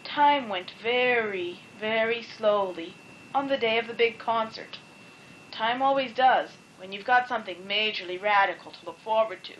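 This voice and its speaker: A woman reading a children's storybook aloud in a playful, expressive way. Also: a little high, normal speed, a little hiss or hum, poor audio. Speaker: storybook reader.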